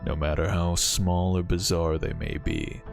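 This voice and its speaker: A man voicing a stern, grim man of divine power, low and slow, spoken very close to the mic. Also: little pitch movement, gravelly, soft background music. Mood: grave.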